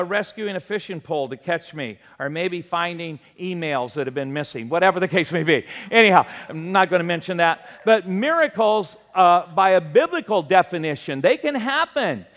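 A man's voice: high voice, fairly bright tone. An older man preaching a sermon, reading scripture and telling a folksy personal story with frequent restarts. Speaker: pastor.

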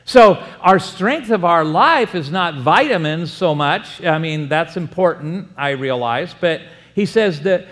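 A man preaches a sermon with a high, animated voice, acting out little back-and-forth exchanges and dropping jokes along the way. He talks as a pastor to his congregation. His voice carries the long reverb of a church sanctuary. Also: measured pace, hardly any pauses.

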